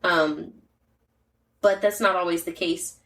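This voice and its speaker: Woman, podcast co-host, casual chat, blunt and straightforward, lowish voice, echoey room. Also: fairly even intonation, slow, fairly bright tone. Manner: straightforward, chatty, many "like" fillers and murmured agreement. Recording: roomy and distant from the mic.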